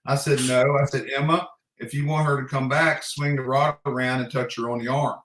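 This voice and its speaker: A man talks plainly and bluntly about ghost hunts as a podcast guest. His voice is bright and forceful. The room around him rings with echo. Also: mid-range voice, level tone, normal speed. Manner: blunt, easygoing, plain-spoken. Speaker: paranormal investigator, podcast guest. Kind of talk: casual podcast chat. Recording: echoey room.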